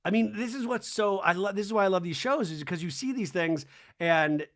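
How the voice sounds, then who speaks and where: A man's voice: high voice, a little fast. A man hosting a podcast, recapping a reality TV episode in a chatty way and acting out the cast's lines. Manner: lively, acts out cast members' lines in exaggerated voices; chatty and conversational, with "right?" tags. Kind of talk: animated solo recap commentary.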